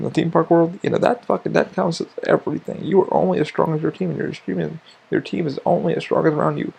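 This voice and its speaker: Fast-talking gravelly man, swearing freely. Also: fairly high pitch, darkish tone. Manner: rambling, heavy swearing, frequent restarts. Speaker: podcast host. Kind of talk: casual rambling monologue.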